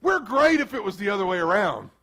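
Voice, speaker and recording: A man preaching a sermon as pastor in a casual, animated way, slipping into quick acted asides. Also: high-pitched, breathy edge.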